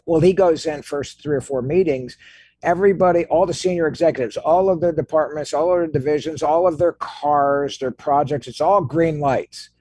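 A man hosting an interview podcast who retells a business anecdote in an animated way. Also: on the high side, moderate pace, husky, dry recording. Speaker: podcast host. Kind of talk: interview conversation.

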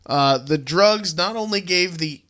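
A man's voice: high voice, measured pace, fairly bright tone. A man co-hosting a comedy podcast, chatting casually and reading news stories aloud with a laugh. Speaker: podcast co-host.

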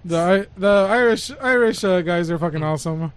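A man's voice: high-pitched, brisk, smooth. A man co-hosting a podcast, telling stories in a crude, joking way. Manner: crude, joking, animated storytelling. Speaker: podcast co-host. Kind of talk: casual chat.

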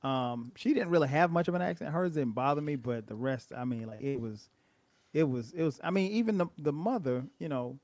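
A man's voice: a little high, animated, fairly quick, darkish tone, no echo. A middle-aged man co-hosting a podcast, chatting casually about a movie and thinking aloud with many restarts. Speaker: podcast co-host.

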